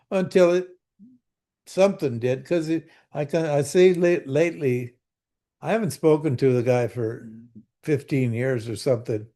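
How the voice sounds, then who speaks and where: An older man gives a relaxed scripture class over a video call, speaking slowly and unhurriedly. His voice is mellow and a little high for a man, and his manner is folksy, full of questions to his listeners and small restarts. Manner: folksy, asks the class questions, repeats words. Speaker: spiritual teacher. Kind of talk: conversational scripture teaching.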